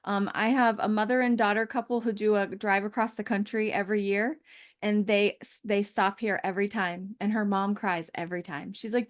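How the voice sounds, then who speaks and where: A woman's voice: mid-range voice, fairly even intonation, normal speed. Woman pig breeder gushing about her work, easygoing chat, mid voice. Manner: enthusiastic, agreeable. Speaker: pig breeder, podcast host. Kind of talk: casual chat.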